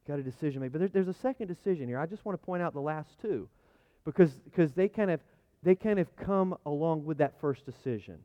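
A male pastor delivers a sermon in a casual, animated voice that sits a touch higher than most men's. He repeats phrases as he builds toward his points. The recording sounds dull and lo-fi. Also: fast talker. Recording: muffled lo-fi sound.

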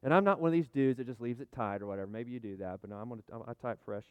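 Middle-aged male pastor, folksy sermon with asides, smooth tone, dry close sound. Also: medium pitch, very fast, no echo. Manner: chatty, folksy, full of restarts and asides; jokes with the congregation, calls for amens. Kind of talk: conversational sermon with props.

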